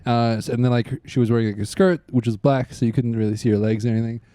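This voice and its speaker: A man's voice: mid-range voice, fast talker, dark tone, no room sound, studio quality. A man hosting a comedy podcast, telling crude rambling stories in casual chat. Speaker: podcast host.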